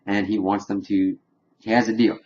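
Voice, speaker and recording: A man giving a casual, rambling spoiler recap of a TV episode, animated and chuckling as he retells scenes. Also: on the low side, moderate pace, muffled recording. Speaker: TV episode reviewer.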